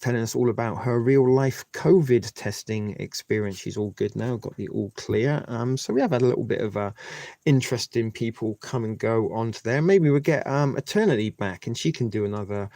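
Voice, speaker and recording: A man's voice: mid-range voice, fairly quick, gravelly, mellow, dry recording. A man hosting a live stream, talking to his viewers in a rambling, chatty way. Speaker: livestream host. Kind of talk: casual live-stream chat.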